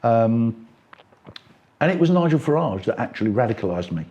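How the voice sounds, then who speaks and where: A middle-aged man from England, talking politics in an interview, getting animated and climbing in pitch as he makes his points. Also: moderate pace, highs cut off, slight background noise. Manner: animated, rising pitch when making points. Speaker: party member interviewee.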